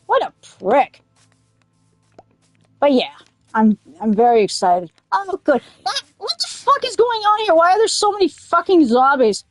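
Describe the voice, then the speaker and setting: A woman gaming streamer with a very high voice and big pitch swings chats casually, unhurried, while playing, with soft background music and no echo. She rambles, drifts into silly riffs, and suddenly swears angrily at the game.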